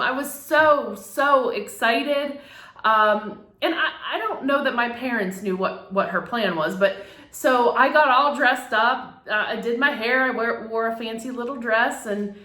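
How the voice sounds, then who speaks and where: A middle-aged woman photographer tells a personal story candidly and emotionally, laughing now and then and using many fillers. Her voice is on the high side and sharp-toned, a little slow, recorded in an echoey room.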